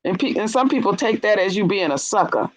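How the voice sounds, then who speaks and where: A woman's voice: medium pitch, animated, a little fast, crowd noise, low-quality recording. A woman in casual chat, telling stories bluntly and animatedly with frank, salty language.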